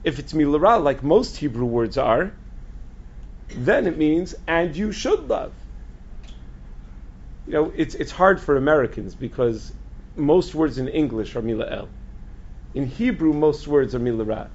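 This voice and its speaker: Gravelly-voiced rabbi giving a lecture. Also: male voice, a little high, animated, normal speed, muffled recording, a little hiss or hum. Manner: asks the audience questions and answers them himself; restarts and repeats words often. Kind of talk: Torah lecture to a group.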